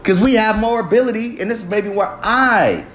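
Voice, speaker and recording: A man's voice: high-pitched, normal speed, fairly bright tone, slight background noise. A man delivering an impassioned, heavily profane monologue, ranting with emphatic force. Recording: roomy echo.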